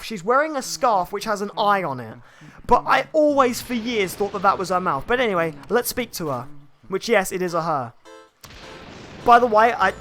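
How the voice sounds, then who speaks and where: A game streamer giving chatty, rambling gameplay commentary that bursts into excited shouts. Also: mid-range voice.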